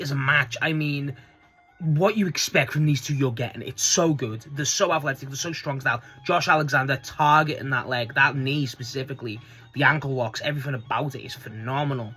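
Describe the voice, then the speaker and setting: Man, casual solo review, rambling, excitable, husky voice, faint music behind. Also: medium pitch. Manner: excitable, rambling, swears freely. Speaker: wrestling show reviewer.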